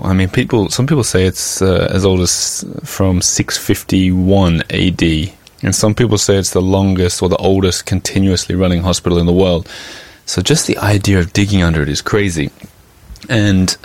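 Deep-voiced, chatty male podcast storyteller. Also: no echo. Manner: chatty, conversational, with fillers and asides. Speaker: podcast host and journalist. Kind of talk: casual storytelling monologue.

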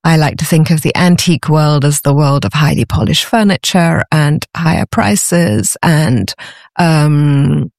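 A woman's voice: low-pitched, a little slow, gravelly, dry recording, studio quality. A British woman speaking as a guest in a casual podcast interview, often repeating words as she starts a thought. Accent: British English. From Britain. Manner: warm, repeats words when starting sentences. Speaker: guest, antiques business owner.

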